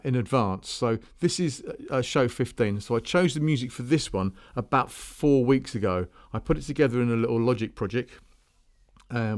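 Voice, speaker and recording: Male podcast host and musician, middle-pitched, rambling solo chat with lots of restarts. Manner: rambling, chatty, full of restarts and asides. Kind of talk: casual solo chat between tracks.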